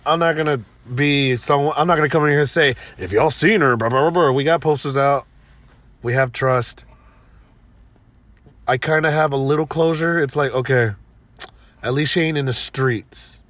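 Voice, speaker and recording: A man's voice: fairly high pitch, normal speed, fairly bright tone, dry recording. A man co-hosting a podcast in casual chat, laid-back and blunt, with plenty of slang. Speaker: podcast co-host.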